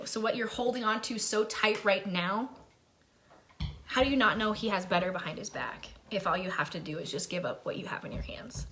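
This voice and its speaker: A young woman talks straight to her viewers, sharing a personal faith testimony in a chatty, emotional way. Her voice is bright and clear, and laughter keeps slipping into her story. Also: mid-range voice, a little hiss or hum. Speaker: faith vlogger.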